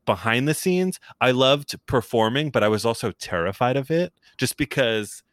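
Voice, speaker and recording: A man's voice: mid-range voice, animated, normal speed, dry recording, clean studio sound. A man from New York, in his thirties, chatting casually as a podcast guest, rambling with many restarts and frequent laughter. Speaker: guest, comedian.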